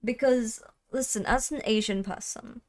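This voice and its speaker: A young woman of Thai heritage chatting casually on a livestream, talkative and quick to laugh. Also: a little high, darkish tone. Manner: chatty, laughs often, trails off. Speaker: streamer.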